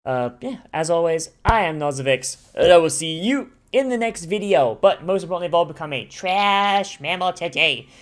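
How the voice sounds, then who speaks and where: An excitable reaction host talking casually through an anime episode, swearing freely and tripping over restarts. The talk runs at mid pitch and swings between loud enthusiasm and mumbled asides. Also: a little fast, few pauses. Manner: profane, enthusiastic, rambling with many restarts. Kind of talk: casual watch-along commentary.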